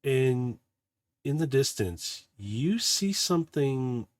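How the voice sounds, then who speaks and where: A man running a tabletop game as game master, narrating softly and losing his voice. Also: medium pitch, sing-song, slow, dry recording, studio quality.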